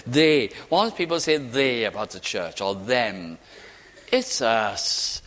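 A man preaching a sermon, slow and emphatic, letting key words fall away to a hush. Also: on the high side, big-room sound. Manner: slow, emphatic, with dramatic drops to near silence.

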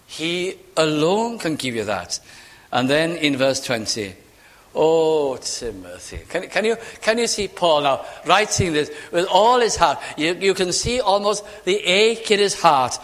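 Older Welsh preacher in a reverberant hall. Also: male voice, sits high, animated, unhurried. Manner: fervent, swings between loud ringing lines and hushed asides. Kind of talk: sermon.

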